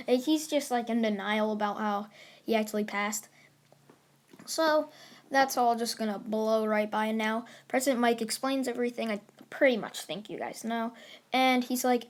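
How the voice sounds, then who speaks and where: A woman's voice: fairly high pitch, steady tone. Rambling woman spinning a casual story. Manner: rambling, full of "like" and "basically"; quick bursts of words mixed with slow pauses. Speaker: anime fan storyteller.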